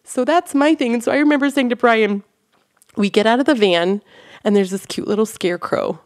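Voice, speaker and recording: Animated woman telling a church story. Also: a little high, brisk. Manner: animated storyteller acting out quoted voices. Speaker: guest. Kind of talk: casual testimony chat. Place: church podcast studio.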